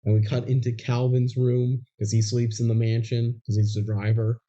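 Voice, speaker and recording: A man's voice: mid-range voice, level tone, normal speed, dark tone, lo-fi sound. A man co-hosting a podcast, recapping a movie scene by scene and acting out the characters' lines. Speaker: podcast co-host. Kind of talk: casual movie recap chat.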